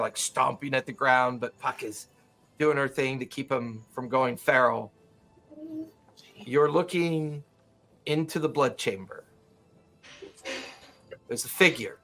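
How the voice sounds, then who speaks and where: A man's voice: fairly high pitch, sharp tone. A man narrating a tabletop game as game master, describing scenes loosely with many fillers.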